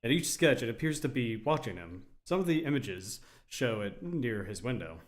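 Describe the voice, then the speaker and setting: A man's voice: medium pitch, very animated, normal speed. Easygoing man running a tabletop game. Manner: easygoing, laughs often. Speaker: game master.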